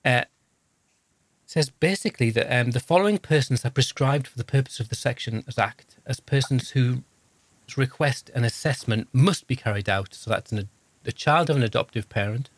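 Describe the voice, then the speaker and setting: A man's voice: mid-range voice, expressive, moderate pace, dry recording. A man in his fifties co-hosting a podcast, chatting casually in a jokey, rambling, self-deprecating way. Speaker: podcast co-host, social worker. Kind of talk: casual chat.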